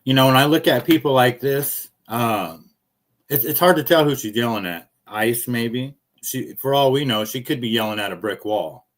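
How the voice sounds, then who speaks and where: A man's voice: mid-range voice, normal speed. A man rambling through casual live-stream commentary, jokey and profane, telling stories.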